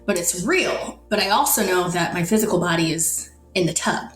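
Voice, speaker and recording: A woman from the Netherlands, a podcast guest, telling a personal story in an animated way and acting out the dialogue. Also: on the low side, moderate pace. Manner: animated, acts out dialogue in quotes. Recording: roomy echo, faint music.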